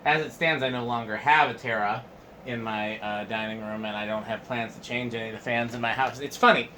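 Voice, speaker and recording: A man hosting a casual technical chat about vintage ceiling fans, relaxed and knowledgeable. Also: mid-range voice, fairly quick, slight background noise. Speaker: fan collector host.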